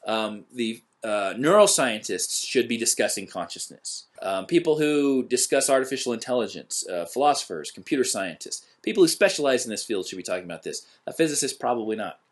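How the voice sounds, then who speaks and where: A man co-hosting a podcast in casual, skeptical chat, sardonic and debunking, with halting fillers. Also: mid-range voice, animated. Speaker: podcast co-host.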